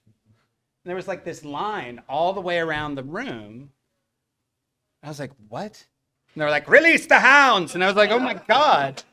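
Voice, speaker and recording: A middle-aged man, a voice actor, telling stories to a convention audience in an animated way, acting out the other people's lines. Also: mid-range voice. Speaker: voice actor at a fan convention panel. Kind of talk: anecdotal storytelling to a live audience.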